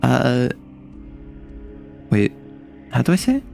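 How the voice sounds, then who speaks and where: A man's voice: mid-range voice, huge pitch swings, slow, creaky, warm tone, faint music behind. A young man from the United States streaming a casual chat, rambling and joking, often cutting himself off mid-thought. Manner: rambling, jokey, self-interrupting.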